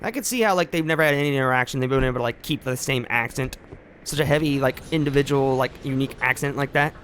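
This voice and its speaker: A man's voice: medium pitch, quick pace, fairly bright tone, slight background noise. A man streaming a driving game, talking in rambling, joking asides full of fillers. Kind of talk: casual gameplay commentary.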